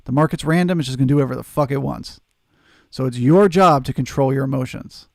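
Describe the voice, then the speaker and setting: A man's voice: mid-range voice, fast talker, creaky, darkish tone, no room sound, clean studio sound. A man hosting a live trading stream, answering chat and coaching viewers in an earnest, emphatic way. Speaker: trading livestream host.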